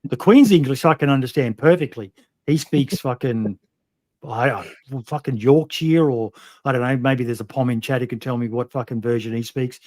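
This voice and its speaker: A man's voice: mid-range voice, normal speed, a little mellow, no echo. A man hosting a podcast interview, talking bluntly with plenty of swearing and many "um"s. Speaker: podcast host. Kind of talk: casual interview chat.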